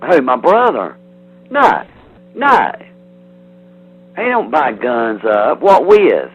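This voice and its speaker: A man's voice: medium pitch, wildly swooping pitch, takes it slowly, slightly rough, soft background music. A man on a heated phone call, defensive and threatening, rambling with restarts. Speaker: prank call target. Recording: tinny phone line, faint hiss.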